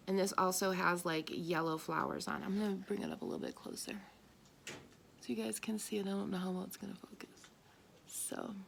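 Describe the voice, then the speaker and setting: A woman's voice: mid-range voice, lively intonation, fairly quick, gravelly, slight background noise. A woman doing a tarot and spirit reading for an audience, talking bluntly and with emphasis, swearing now and then. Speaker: tarot reader.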